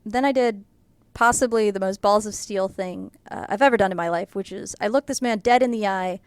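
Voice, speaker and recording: American woman vlogger, rambling casual anecdote, smooth tone, dry. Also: mid-range voice, a little fast, no room sound. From United States. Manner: chatty, rambling with many fillers, laughs through the telling. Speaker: artist vlogger. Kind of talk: casual storytelling.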